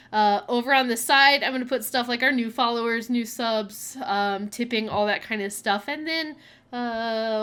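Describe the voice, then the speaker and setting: Bright-voiced young woman streaming a game. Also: a little high, clear, resonant tone. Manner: chatty, reads game text aloud, laughs often. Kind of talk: casual gameplay commentary. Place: home streaming setup.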